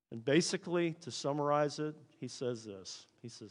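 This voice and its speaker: A man's voice: fairly high pitch, unhurried, few pauses. Preaching man in a reverberant hall. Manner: reads scripture aloud, then speaks the prophet's and God's words in a hushed voice. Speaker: pastor. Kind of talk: sermon.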